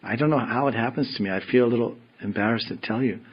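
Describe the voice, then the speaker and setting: A man giving a devotional scripture class, telling stories in a slow, meditative way. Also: mid-range voice, breathy edge, highs cut off. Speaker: spiritual teacher.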